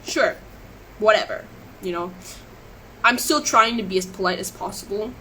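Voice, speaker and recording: Speaking into a webcam or phone on a live stream, an emotional, upset woman rambles through an account of events, repeating and restarting herself. Her voice is mid-range, pushed and bright, at a moderate pace. Audio is low quality with a little hiss or hum.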